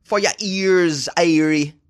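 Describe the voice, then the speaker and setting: A man's voice: a little high, slow, clean tone, voice pushed up. A man putting on a laid-back Jamaican-accented stoner. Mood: mellow.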